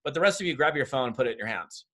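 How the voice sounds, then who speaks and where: Talking rapid-fire in a mid-range voice, this man addresses his audience of network marketers head-on. He's coaching them over a video call with plenty of energy and directness.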